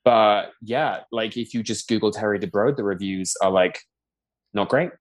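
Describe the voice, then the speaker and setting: A man's voice: lowish voice, fairly even intonation, normal speed. Podcast guest: man, upper-middle-class London accent, loose gossipy chatter. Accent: posh London English. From England. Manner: chatty, gossipy, lots of "like" fillers. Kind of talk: casual chat.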